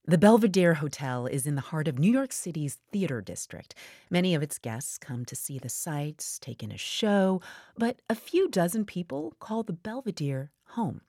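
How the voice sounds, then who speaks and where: A woman hosting an evening news program, introducing a story in a measured, clear delivery. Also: low-pitched, big pitch swings, dark tone, no room sound, studio quality. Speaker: news host.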